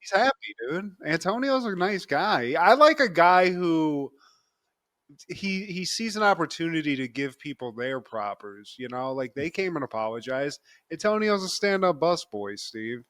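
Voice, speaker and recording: A man's voice: a little high, normal speed, dry recording. A man co-hosting a podcast, recapping a sitcom episode in loose, profane chat and laughing often. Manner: animated, profane, laughs often, keeps addressing his co-host. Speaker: podcast co-host.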